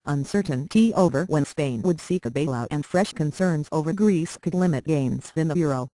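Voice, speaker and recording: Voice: medium pitch, normal speed, mellow, no room sound, rough recording. Dry synthetic text-to-speech news voice. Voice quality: mechanical, evenly paced synthetic delivery. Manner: reads numbers and symbols literally. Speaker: news reader.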